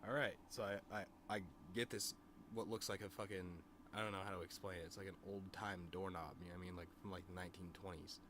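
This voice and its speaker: He's a fast-talking streamer and musician whose voice sits low with a level tone, and there's noise in the background. Chatting with his stream, he rambles through a story casually and profanely, saying "you know what I mean" a lot.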